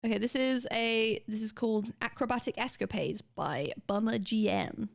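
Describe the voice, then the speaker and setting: A woman's voice: fairly high pitch, vocal fry. A young woman streaming, chatting casually with viewers in a rambling way, her throat a little sore. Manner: rambling, restarts sentences, quick laughs.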